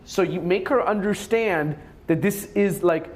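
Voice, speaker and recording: A man's voice: high voice, unhurried. A young man giving crude dating advice in a rambling way, swearing a lot and acting out quoted lines. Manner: acts out quoted lines in a raised voice. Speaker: dating coach. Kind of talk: casual advice talk.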